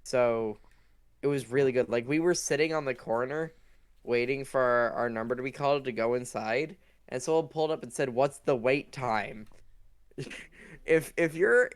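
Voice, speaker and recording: A man's voice: medium pitch, clear, resonant tone. A man, hosting a casual podcast chat and ranting emphatically in bursts. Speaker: podcast host.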